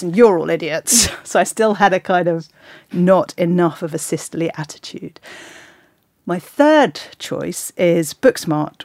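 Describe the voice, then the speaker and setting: A woman's voice: on the low side, a little mellow, no room sound. A woman hosting a casual chat about films, enthusiastic and opinionated. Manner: enthusiastic, opinionated, quick to act out quotes. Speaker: podcast host discussing films.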